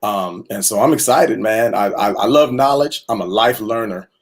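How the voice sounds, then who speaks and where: A man with a fairly low, husky voice introduces himself as a guest on an online panel. He speaks earnestly and haltingly, with many fillers, over a video-call connection. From Houston area. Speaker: panel guest, music director and producer. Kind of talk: casual online panel chat.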